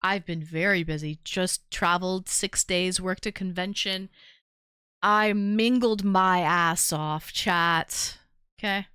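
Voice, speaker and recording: A woman's voice: on the low side, fairly even intonation, takes it slowly, bright, forceful tone, clear, resonant tone, dry recording, clean studio sound. A tired woman hosting a livestream call-in show, chatting casually and playfully teasing her callers. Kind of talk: casual chat.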